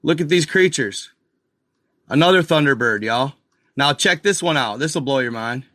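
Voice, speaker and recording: A man's voice: mid-range voice, animated, moderate pace, a bit bright, no echo, clean studio sound. A man hosting a casual screen-share video, talking straight to his viewers with restarts and frustrated asides. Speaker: video host.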